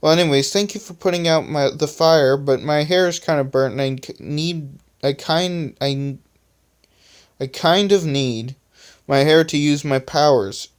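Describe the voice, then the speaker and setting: A man doing a flustered, halting young hero. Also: a little high, clean tone, pitched above the performer's own voice, lightly acted.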